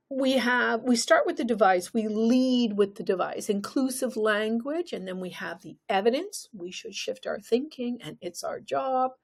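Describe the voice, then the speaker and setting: A woman's voice: a little high, gravelly, a little mellow. A woman teaching an exam-prep lesson, talking emphatically and putting questions to the viewer.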